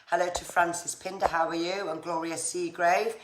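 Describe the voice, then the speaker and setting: A woman's voice: on the low side, fairly even intonation, normal speed. A woman giving psychic readings on a live stream, chatty and reassuring, often saying viewers' names. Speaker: psychic medium. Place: home room on a live stream. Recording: echoey room with faint noise.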